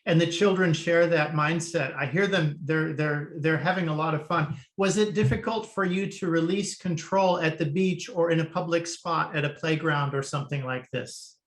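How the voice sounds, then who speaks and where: A man's voice: on the high side, moderate pace, hardly any pauses, reverberant. A man hosting an interview and asking questions in an encouraging way. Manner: encouraging, brief affirmations. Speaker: interviewer, host. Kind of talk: casual interview.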